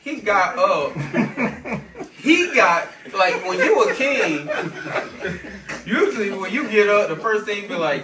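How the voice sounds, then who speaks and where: A man's voice: high voice, expressive, takes it slowly, long pauses, background noise. A man leading a Bible class, retelling scripture with jokes, laughing often and acting out what the characters say. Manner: laughs often, acts out quotes in a loose storytelling voice. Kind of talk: animated, joking scripture lesson. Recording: echoey room, picked up from a distance.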